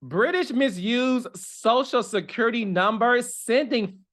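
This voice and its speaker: With a bit of brightness and a slightly slow pace, a man delivers animated, casual reality TV gossip commentary as the show's host. He's sassy and dramatic, addressing viewers directly and bursting into high exclamations.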